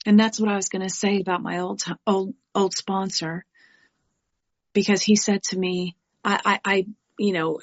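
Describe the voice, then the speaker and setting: A middle-aged woman from New York giving a candid, animated personal share at a recovery meeting, with frank asides. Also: mid-range voice, moderate pace, dull audio.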